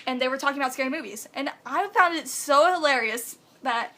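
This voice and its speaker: A woman's voice: high-pitched, brisk, pushed and bright. A woman reading fan fiction aloud at home, breaking off into sarcastic, swearing asides with lots of laughter. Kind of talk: casual reading with jokey commentary.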